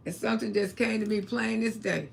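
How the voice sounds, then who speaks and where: A woman's voice: mid-range voice, fairly quick, gravelly. A woman, telling blunt, salty family stories on a casual livestream. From Florida, USA. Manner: blunt, salty, talks about God and family. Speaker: livestream host.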